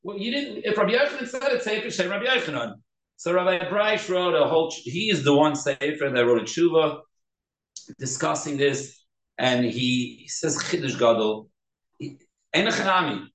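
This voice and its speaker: A man teaching a Talmud class, animated and quick, with many restarts. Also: fairly high pitch. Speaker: Torah teacher. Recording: echoey room.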